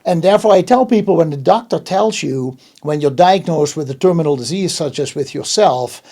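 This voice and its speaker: A man's voice: a little high, expressive, brisk, mellow. A man hosting an interview in casual chat, emphatic and often restarting his words. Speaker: host.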